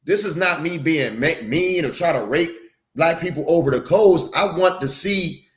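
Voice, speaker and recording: A man appearing as a guest on a livestream talk show, earnest and halting, often trailing off into a low voice. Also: fairly bright tone. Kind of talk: livestream commentary.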